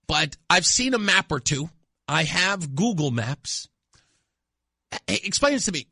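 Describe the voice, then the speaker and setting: A man's voice: high-pitched, bright, forceful tone, slightly rough, no room sound. A male talk radio host giving a sarcastic, mocking monologue in a studio. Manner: sarcastic, mocking, laughs at own jokes.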